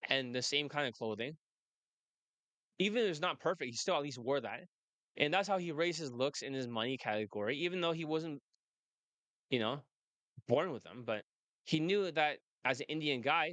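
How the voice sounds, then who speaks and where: A man's voice: on the high side, fairly bright tone, no room sound. A man coaching on dating, talking brashly and laughing often in casual chat. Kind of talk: casual monologue and phone call.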